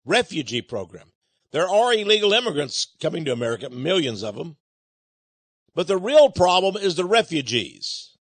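Man, radio host, emphatic monologue, urgent, lively swinging pitch, dry close sound. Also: normal speed, slightly rough, dry recording. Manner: emphatic, urgent, addresses listeners as friends.

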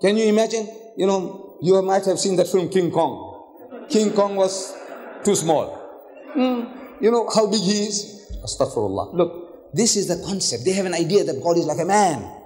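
An older man delivers a public lecture in a hotel hall, his fairly high voice swooping up and down as he acts out the voices in his stories. He fires off rhetorical questions at the crowd. His words ring with a long hall echo. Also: moderate pace. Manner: animated storytelling with rhetorical questions; acts out voices in quoted dialogue. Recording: echoey hall reverb.

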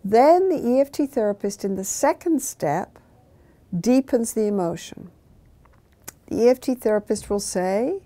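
An older woman, a therapist, calmly explaining her method of couples therapy, now and then acting out short exchanges from a session. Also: fairly high pitch. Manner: measured, acts out therapist and client lines in quotes. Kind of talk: calm explanatory talk.

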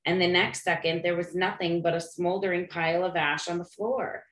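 A woman reading a storybook aloud in a steady, plain narration. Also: fairly low pitch, moderate pace, hardly any pauses. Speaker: reader. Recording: roomy echo.

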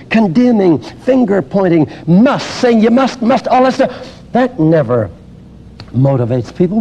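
An older man delivers an exuberant teaching sermon, his voice leaping up for emphasis and sinking low for intimate asides. His voice sits a little high for a man, with animated, sweeping intonation. A faint noise floor hums under the recording. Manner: exuberant, emphatic, swings from hushed to loud exclamations. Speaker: preacher teaching a healing course.

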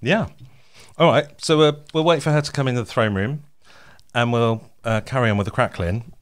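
A man's voice: mid-range voice, moderate pace, smooth. A man co-hosting a casual podcast, chatty and laughing often as he introduces snacks and a guest. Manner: chatty, laughs often, reads show plugs. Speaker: podcast co-host.

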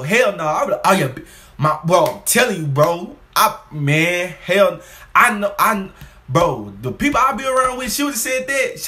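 A young man with a high, bright voice that swings up and down as he reacts to a clip. He talks back at it in a rapid, profane, excitable way. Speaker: reaction video host.

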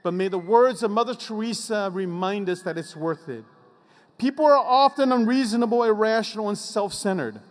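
A man giving an inspirational commencement speech, emphatic, sinking low and slow on his repeated refrains. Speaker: commencement speaker. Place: graduation ceremony venue. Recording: long reverb of a large venue.

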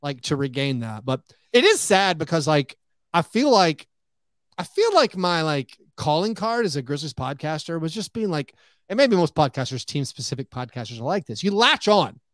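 A man talking as a guest on a podcast, animated, full of "like" and acting out what other people say. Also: fairly high pitch, normal speed, no room sound. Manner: animated, acts out quoted remarks, heavy use of "like". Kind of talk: casual podcast chat.

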